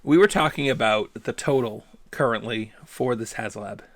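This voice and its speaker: An easygoing man co-hosting a casual podcast, speaking in a mid-pitched voice with some hesitation. The sound is dry and close. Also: normal speed, no echo. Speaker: podcast co-host. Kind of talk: casual chat.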